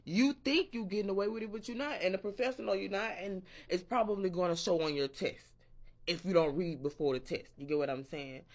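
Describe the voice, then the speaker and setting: A man's voice: high-pitched, fairly quick. A man in a casual morning-rant vlog, rambling and profane and interrupting himself as he talks. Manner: quotes imagined people in a raised voice. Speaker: vlogger.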